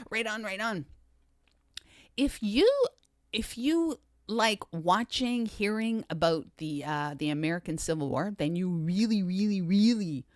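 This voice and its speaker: A woman's voice: lowish voice, no echo, clean studio sound. A woman hosting a casual livestream chat, upbeat and greeting viewers by name with repeated catchphrases. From Canada. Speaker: livestream host.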